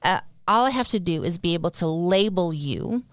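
A woman co-hosts a podcast in relaxed conversation, thinking out loud in long, winding sentences. Her voice is smooth and clear. The sound is dry and close, with no room around it. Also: fairly low pitch, moderate pace, no echo. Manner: reflective, earnest, talks in long winding sentences. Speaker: podcast co-host. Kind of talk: casual chat.

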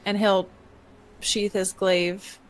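A woman's voice: medium pitch, little pitch movement, drawn-out words. A woman playing in a tabletop game, describing her character's actions with hesitant fillers. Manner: hesitant, questioning. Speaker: player. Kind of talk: casual tabletop play.

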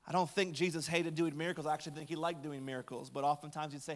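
A male pastor with a high voice preaches in a relaxed, conversational way, slipping light humor into his storytelling. His words ring out with the long reverb of a church hall. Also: fast. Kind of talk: sermon.

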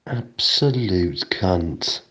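A man in improvised comic chat, delivering absurd claims in a deadpan, matter-of-fact way. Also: sits low, drawn-out words.

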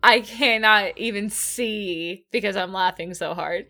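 A woman's voice: medium pitch, unhurried, sharp tone. A woman chatting casually as a podcast co-host, laughing often and acting out quoted lines. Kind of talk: casual recap chat.

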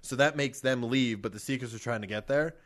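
Man, mid pitch, co-host in relaxed chat, musing and deliberate. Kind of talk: casual chat.

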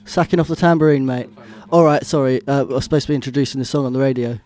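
A man from a band, sheepish and quiet, introducing a song on the radio. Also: medium pitch, rapid-fire. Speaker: band singer. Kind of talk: casual chat.

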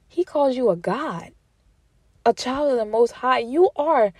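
A woman with a fairly high voice speaks tender Christian affirmations to the listener, slowly repeating each line and at times sinking to a whisper. She sounds emotional and close to tears. The recording is dry and close. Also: animated, darkish tone, slightly rough, no echo. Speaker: Christian encourager speaking to viewers. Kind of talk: emotional faith talk with affirmations.

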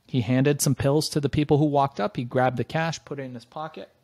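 A middle-aged man spins a story with animated, emphatic delivery and casual swearing. His voice sits at an ordinary pitch. The recording is dry and close, with no room echo. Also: a little fast. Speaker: interview guest.

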